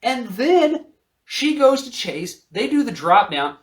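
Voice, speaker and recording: A man's voice: extremely high pitch, big pitch swings, slow pace. A man co-hosting a podcast, recapping wrestling in casual, profane chat while reading from his notes. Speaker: podcast co-host.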